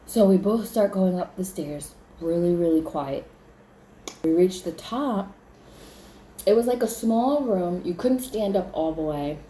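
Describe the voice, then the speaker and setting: A woman recounts a frightening dream as a casual story, chatty and full of "like". Her voice is mellow and warm. The room around her adds an echo. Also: on the low side, animated, measured pace, slight background noise. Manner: chatty, leans on "like", acts out her own panic. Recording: roomy echo.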